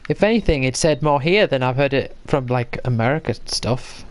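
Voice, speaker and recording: A man's voice: medium pitch, animated, normal speed, a little hiss or hum. A British man chatting casually on a gaming livestream, hesitant and often repeating his words. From Britain. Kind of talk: casual chat.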